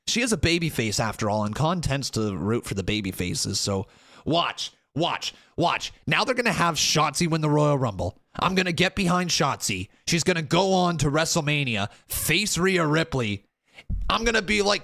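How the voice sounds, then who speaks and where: A man hosting a live watch-along stream, reacting loudly to a wrestling show and talking to his viewers, often exclaiming and swearing. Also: high-pitched, very animated, moderate pace. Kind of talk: excitable live reaction commentary.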